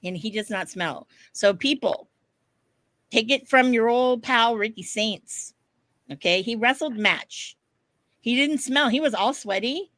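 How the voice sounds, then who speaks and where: A woman co-hosting a podcast, telling a story in casual chat, animated, laughing often and swearing casually. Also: a little high, unhurried, dry recording. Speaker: podcast co-host.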